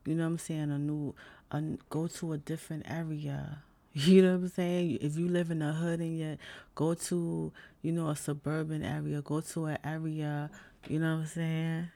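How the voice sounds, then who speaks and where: Young new woman venting, gravelly fry in her voice, cussing nonstop, lots of fillers. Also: deep voice, level tone, moderate pace, dark tone. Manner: blunt, heavy swearing, lots of fillers. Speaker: vlogger. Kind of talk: casual rant to camera.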